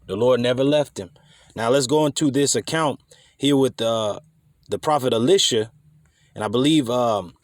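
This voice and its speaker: A man's voice: medium pitch, dry recording. Dry, close-miked man teaching scripture. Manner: emphatic, conversational, swears casually. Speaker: bible teacher.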